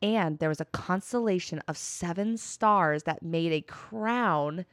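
A woman's voice: fairly low pitch, unhurried, no echo, clean studio sound. A woman co-hosting a podcast, retelling fantasy lore in a jokey, casually profane way. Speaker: podcast co-host. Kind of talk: casual storytelling chat.

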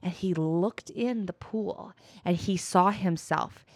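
A woman's voice: on the low side, slow pace, no echo, studio quality. A woman co-hosting a podcast, retelling fantasy lore in a jokey, casually profane way. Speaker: podcast co-host. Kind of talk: casual storytelling chat.

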